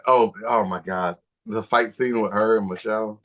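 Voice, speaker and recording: A man co-hosts a relaxed podcast conversation in an easygoing, slangy manner. He keeps tossing in casual filler and street phrasing as he talks things through. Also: lowish voice, normal speed. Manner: laid-back slangy talk, often saying "bro" and "you know what I'm saying". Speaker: podcast co-host. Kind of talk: casual movie-talk chat.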